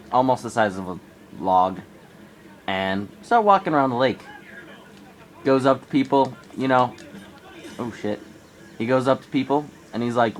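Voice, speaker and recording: A man's voice: unhurried, pauses often, slight background noise. A teenage man from Arizona with a cold, telling a rambling camping story in a casual vlog. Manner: rambling, animated in quoted bits. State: coming down with a cold. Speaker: vlogger. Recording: faint background ambience, low quality.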